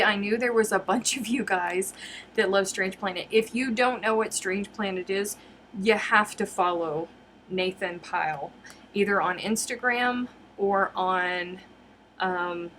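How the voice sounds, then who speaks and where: Excitable, giggly woman chatting slowly. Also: medium pitch, a little hiss or hum. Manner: excitable, giggly, addresses viewers as you guys. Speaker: crochet livestream host. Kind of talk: live unboxing chat with viewers.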